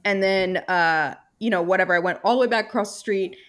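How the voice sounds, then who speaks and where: A woman's voice: medium pitch, fairly quick. A young woman co-hosting a casual chat, telling a story with lots of fillers and swearing. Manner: animated storytelling, swears freely, many fillers.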